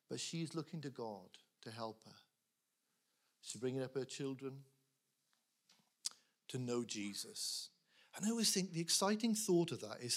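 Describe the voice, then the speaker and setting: A man preaching earnestly to a church congregation, animated, with laughs and quick asides. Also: mid-range voice. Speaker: pastor appealing for prayer. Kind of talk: sermon.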